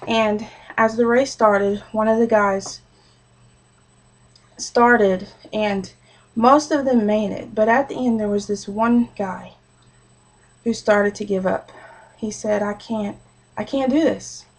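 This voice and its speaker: A woman's voice: medium pitch, fairly even intonation, takes it slowly, long pauses, low-quality recording. A young adult woman giving a short sermon as a personal story, earnest and conversational, with frequent fillers.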